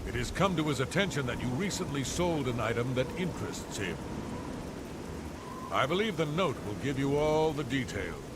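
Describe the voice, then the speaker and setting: A man's voice: medium pitch, very animated, normal speed, heavy background noise. An actor playing a polite, formal male servant who delivers his master's message in video game dialogue. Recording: game audio under loud rain and thunder.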